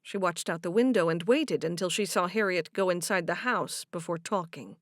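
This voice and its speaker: A woman reading a romance audiobook in even, measured scripted narration. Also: on the low side, dry recording, studio quality.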